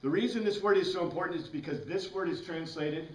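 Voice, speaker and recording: A man's voice: high voice, fast talker. A man teaching a Bible class, explaining words patiently, spelling some out letter by letter, with enthusiastic asides. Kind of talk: classroom lecture. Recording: roomy echo, mic far away.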